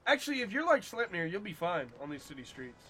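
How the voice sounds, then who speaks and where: A man's voice: high voice, sing-song, fast talker, bright, forceful tone. A man chatting and joking casually while playing a video game. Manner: chatty, joking, talks to horse. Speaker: gamer.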